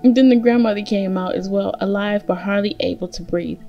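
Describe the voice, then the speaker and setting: A woman reading a fairy tale aloud as storyteller, gentle and steady. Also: mid-range voice, brisk, gravelly, dull audio, soft background music.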